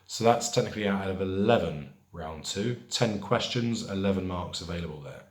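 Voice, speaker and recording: A man hosting a pub quiz in a lowish voice, reading each question slowly and then repeating it. He drifts into chatty asides between questions. The room around him is echoey. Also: a little mellow. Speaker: quiz host.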